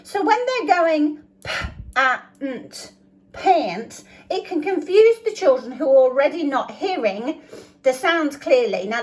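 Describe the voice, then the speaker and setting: A woman explaining phonics to teachers, earnestly sounding out speech sounds slowly and deliberately. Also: high voice, poor audio. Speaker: phonics educator.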